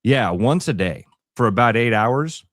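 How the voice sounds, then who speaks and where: A man's voice: mid-range voice, expressive, a little slow, fairly bright tone, no room sound, clean studio sound. A man co-hosting a morning radio show, chatting casually and telling rambling, self-deprecating stories.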